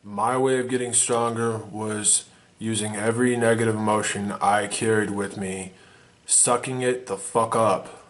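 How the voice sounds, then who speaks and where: A man's voice: fairly low pitch, fairly even intonation, a little slow. A man giving a blunt, swearing motivational monologue to the camera as a vlogger. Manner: intense, profane, emphatic.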